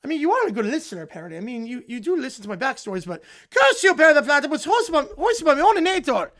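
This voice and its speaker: A man voicing a petty, ranting evil scientist in a loud theatrical cartoon monologue. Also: extremely high pitch, very animated, quick pace, pitched above the performer's own voice, heavily acted. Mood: dismayed.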